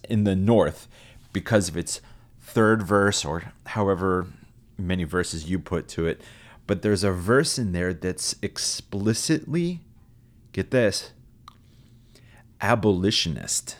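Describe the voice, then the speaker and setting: A man who trained as a pastor, hosting a casual solo talk about a hymn in a chatty, enthusiastic way. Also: lowish voice. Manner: chatty and enthusiastic, laughs at himself. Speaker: podcast host, trained pastor.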